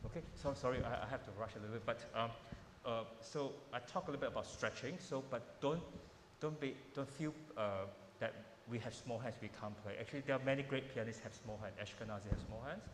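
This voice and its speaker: A man's voice: medium pitch, fast talker, noisy background. A man teaching piano in a workshop, coaching in an informal way with repeated words and simple phrasing. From Malaysia. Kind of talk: masterclass teaching. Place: large hall with a piano. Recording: roomy hall echo with piano playing.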